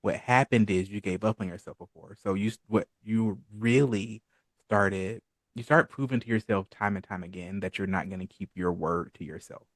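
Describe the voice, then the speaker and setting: A man with a lowish voice speaks as a podcast guest in a calm, encouraging, coaching way. The recording is dry and close, with no room echo. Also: moderate pace. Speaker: podcast guest, holistic and spiritual entrepreneur. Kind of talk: casual podcast interview.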